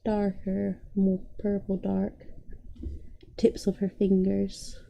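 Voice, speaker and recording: A woman's voice: medium pitch, completely flat delivery, takes it slowly, vocal fry, warm tone, a little hiss or hum. A woman streaming while she draws, thinking aloud, humming and laughing at her own puns, in casual live-stream chat. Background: faint music.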